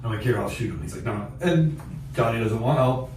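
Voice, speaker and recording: A man hosting a podcast, telling a hunting story in a casual, animated way, laughing often and acting out what people said. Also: medium pitch, a little fast. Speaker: podcast host. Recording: echoey distant mic with background noise.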